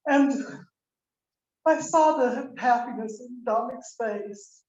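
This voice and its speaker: An older woman with a slightly high voice speaks at a memorial service, rambling candidly through a family story and acting out each back-and-forth of dialogue. The sound is roomy and muffled, picked up from across a hall through a video call. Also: slow, darkish tone. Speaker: mourner giving a eulogy.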